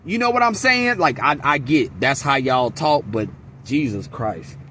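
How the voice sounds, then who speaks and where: A man giving a casual movie reaction, ranting in a profane, animated, rambling way. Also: medium pitch, a little slow, a little hiss or hum. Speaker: movie reviewer.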